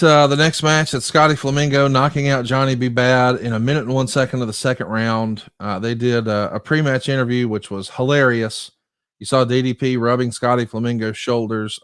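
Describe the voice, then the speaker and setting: A man co-hosting a podcast, briskly recapping wrestling matches in a lively, storytelling way. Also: mid-range voice, clean tone, no room sound, clean studio sound. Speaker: podcast co-host. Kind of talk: casual podcast chat.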